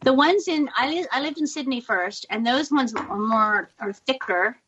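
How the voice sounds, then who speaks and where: A woman from California with an American accent, chatting casually as a guest and telling stories with animated detail. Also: high voice, moderate pace, a little hiss or hum. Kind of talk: casual chat. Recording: dull lo-fi audio.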